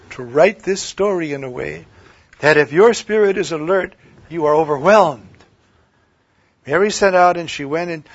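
Male preacher, high gravelly voice, husky, sermon swinging from loud to hushed, dull lo-fi recording. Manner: swings from loud declaiming to hushed near-whispers.

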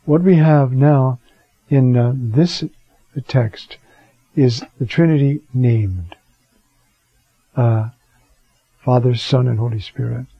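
A man's voice: medium pitch, takes it slowly, pauses often, breathy edge, no echo, lo-fi sound. A man teaching a Bible class in a chatty way, asking rhetorical questions and dropping in fillers. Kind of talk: conversational scripture class.

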